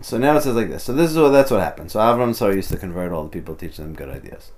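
A man's voice: deep voice, sing-song, very fast, a little mellow. A man teaching an informal text study, translating passages and explaining them as he goes, often restarting and adding "you know". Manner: thinks aloud, restarts, many "you know"s. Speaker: Torah teacher.

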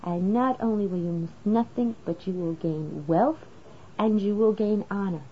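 A woman gives a religious lesson, walking through the text and raising rhetorical questions as she goes. Her voice sits at a middle pitch. The recording is slightly dull and lo-fi, with a faint hiss underneath. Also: normal speed. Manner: explanatory, asks rhetorical questions. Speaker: Torah teacher.

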